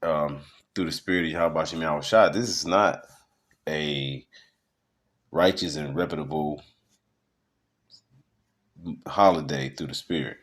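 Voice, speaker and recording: Man, very low voice, rambling sermon-style talk, reading aloud from articles. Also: a little slow, long pauses. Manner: rambling, with many fillers and restarts. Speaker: preacher.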